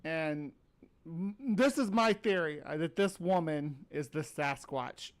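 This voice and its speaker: A man's voice: fairly high pitch, expressive. A man hosting a podcast in casual chat, rambling with fillers and restarts and sounding tired. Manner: rambling, halting, filler-heavy. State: tired, yawning. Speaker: podcast host.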